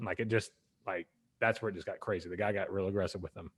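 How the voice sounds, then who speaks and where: A man's voice: lowish voice, steady tone, fast. A man co-hosting a sports podcast, telling a rambling story in casual chat and acting out the people in it. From Atlanta area. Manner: rambling storytelling, acts out quoted voices. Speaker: podcast co-host.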